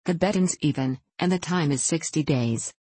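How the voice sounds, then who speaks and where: A woman voicing a brash male frontier gold prospector who boasts in a rough backwoods dialect. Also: deep voice, normal speed, warm tone, dry recording. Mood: bold.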